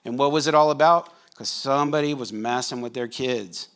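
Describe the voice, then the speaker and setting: A man's voice: mid-range voice, brisk, fairly bright tone, clean tone. A man, a pastor preaching a sermon to his congregation in a church, talking casually and joking with the room. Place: church sanctuary.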